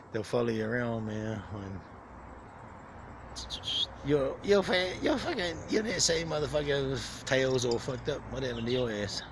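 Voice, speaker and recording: Birdsong fills the background as a man with a mid-range voice speaks at a moderate pace, phone in hand, recording his birds in an outdoor aviary. It's a casual vlog full of profanity, with crude jokes aimed straight at the birds.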